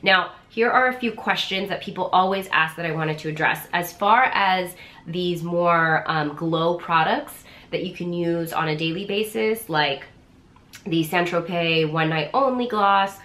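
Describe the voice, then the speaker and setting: A woman's voice: lowish voice, unhurried, reverberant. A woman with a nasal, stuffy voice from being sick, chatting casually through a how-to beauty vlog with lots of "like" and "um". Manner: chatty, relaxed, lots of fillers like "like" and "um". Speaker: beauty vlogger.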